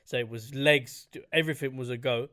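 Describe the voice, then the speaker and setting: A man hosts a podcast in an easygoing way. His voice sits at a middle pitch. He tells his own stories in casual slang and often drops in quick agreeing replies. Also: fairly even intonation, pushed and bright. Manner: laid-back, chatty, with short agreeing replies. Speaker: podcast host.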